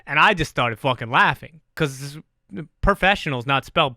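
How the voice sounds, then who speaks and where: A middle-aged man hosting a casual podcast, talking in an animated way, swearing freely and poking fun at himself. His voice is bright and forward, pitched slightly high for a man, and the recording is dry and close. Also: moderate pace, dry recording. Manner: animated, profane, self-deprecating. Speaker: podcast host.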